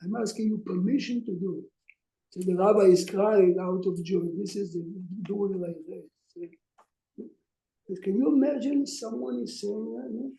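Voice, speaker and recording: A man's voice: high voice, normal speed, vocal fry, dark tone. A man teaching a class as a rabbi, telling stories in a conversational way and asking his listeners questions. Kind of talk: informal lecture with storytelling. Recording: echoey room.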